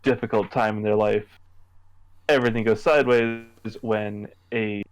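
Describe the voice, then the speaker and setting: A young man from Canada, co-hosting a podcast, chatting casually about his writing in a halting way with many restarts. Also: lowish voice, steady tone, smooth, rough recording. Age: young adult. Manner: halting, restarts often, laughs easily. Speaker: podcast co-host, horror writer. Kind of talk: casual chat.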